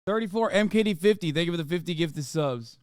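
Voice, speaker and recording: A man in his thirties streaming live, reacting to posts with profane, mocking commentary that swings from loud outrage to mumbled asides. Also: on the high side, lively intonation, fast talker, smooth, no room sound, clean studio sound.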